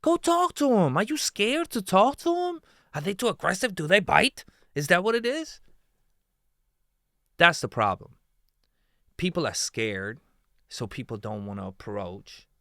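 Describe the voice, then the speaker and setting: A man's voice: high-pitched, sing-song, a little slow, long pauses, fairly bright tone, no room sound, clean studio sound. A man giving heated reaction commentary, swearing often and firing off rhetorical questions.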